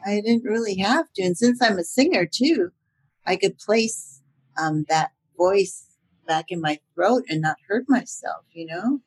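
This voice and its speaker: A woman's voice: mid-range voice, animated, a little slow, darkish tone, slightly rough. An older woman voice actor chatting as an interview guest, laughing often and using many fillers. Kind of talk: casual interview chat.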